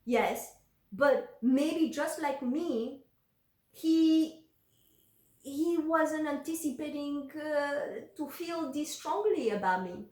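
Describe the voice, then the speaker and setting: A woman's voice: high voice, lively intonation, takes it slowly, darkish tone. Candid woman telling her story, echoey room. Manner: candid, emotional, frequent fillers and restarts. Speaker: vlogger telling a personal story. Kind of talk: casual personal storytelling.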